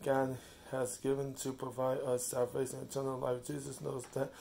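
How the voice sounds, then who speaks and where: A man at home with a rough, gravelly voice, speaking in a flat, even tone. He reads slowly with stops and restarts, and talks softly to his cat. A little noise sits behind him. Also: medium pitch. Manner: slow, halting reading with restarts; fond, soft talk to his cat. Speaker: vlogger reading a devotional. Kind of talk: casual home vlog with devotional reading.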